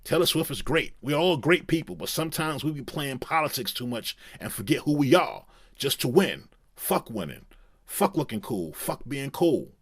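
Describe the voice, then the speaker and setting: A man imitating an impassioned male rapper, delivering a loud, emphatic, preachy stage rant in a voice raised well above his own. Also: medium pitch, big pitch swings, moderate pace, husky, dry recording, clean studio sound, pitched above the performer's own voice. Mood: fired-up ranting.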